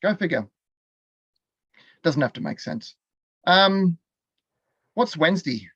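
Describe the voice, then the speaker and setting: A man's voice: high voice, lively intonation, slow pace, a bit bright, no echo, muffled recording. An Australian man teaching a live online class from his computer. He talks in a chatty way, laughs often and quizzes the viewers in the chat. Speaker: continuing education teacher.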